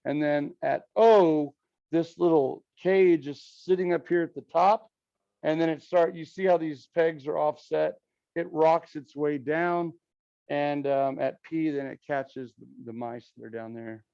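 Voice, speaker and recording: A man's voice: on the high side, a little slow, creaky, mellow, clean tone, no echo. A male math teacher lecturing a class, walking through each step and often checking in with "okay?" and "right?". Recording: dull lo-fi, dry sound.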